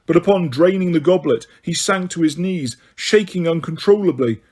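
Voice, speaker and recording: Male narrator, husky, slightly high voice, steady storytelling. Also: moderate pace. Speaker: audiobook narrator. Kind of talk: audiobook narration.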